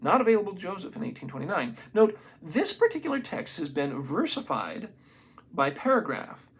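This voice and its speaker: A man reading a book aloud in a casual, unprofessional way, stumbling over names and adding excited comments of his own. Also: high voice, breathy edge. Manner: reads haltingly, stumbles on names, adds excited asides. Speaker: amateur reader of a book.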